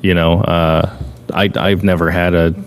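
Deep-voiced man, laid-back host. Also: measured pace, smooth. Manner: relaxed, lots of fillers. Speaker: podcast host. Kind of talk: casual chat.

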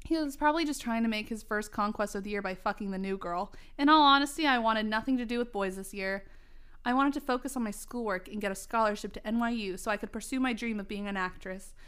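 A woman's voice: medium pitch, quick pace, a bit bright, clean tone. A woman in her thirties reading her old teen story aloud, breaking into laughter and self-mocking asides. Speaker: reader.

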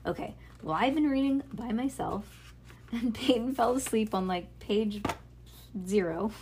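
A woman's voice: on the high side, a little slow, a little mellow, slight background noise. A woman reading a children's book aloud in a casual, unpolished way. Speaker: reader.

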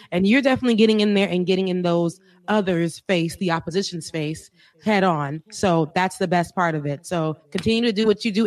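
A man co-hosting a talk show, saying a guest goodbye in a warm, reassuring way. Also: sits high, dry recording. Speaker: co-host. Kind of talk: casual political chat.

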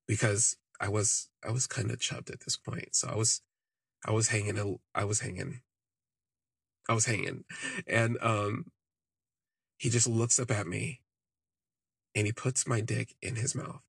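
A man's voice: lowish voice, fairly even intonation, a little slow, vocal fry, pauses often, fairly bright tone, slightly rough, no room sound. A man hosting a podcast, telling a personal story in a candid, rambling way, full of "like" fillers. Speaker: podcast host. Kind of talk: casual first-person storytelling.

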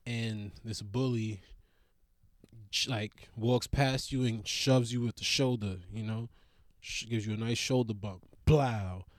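Rambling profane young man, dry close sound. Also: no echo. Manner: rambling, profane, animated with big pitch jumps; trails off into mutters. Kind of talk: casual comedic monologue.

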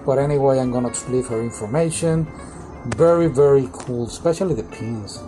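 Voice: medium pitch, brisk, dark tone, faint music behind, poor audio. A podcast co-host in casual chat, talking loosely with restarts and small grammar slips. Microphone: phone nearby on desk.

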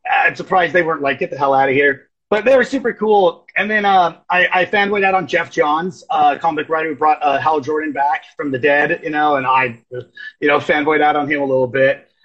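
A man with a high, husky voice talks loosely in casual chat. He strings stories together and acts out animated quotes. The recording sounds dull and lo-fi. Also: fairly quick. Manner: rambling storyteller, animated quotes. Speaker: guest.

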